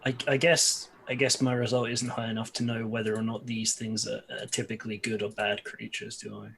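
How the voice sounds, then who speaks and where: A man playing a tabletop game, thinking out loud with hesitant, restarting speech. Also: on the low side, flat delivery, brisk, creaky, slight background noise. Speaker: player. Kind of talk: casual in-character game talk.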